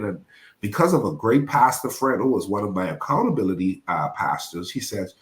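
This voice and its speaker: A man who is a pastor, telling a painful personal story as a podcast guest in an animated, preacher-like way. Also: fairly low pitch, normal speed, roomy sound. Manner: animated, preacher-like, acts out quoted voices.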